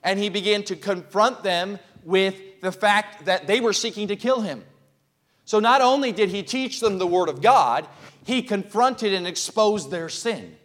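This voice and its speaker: A high-voiced male pastor delivers an unhurried sermon in church, rising into loud, fervent cries. Along the way he questions the congregation to check that they're keeping up.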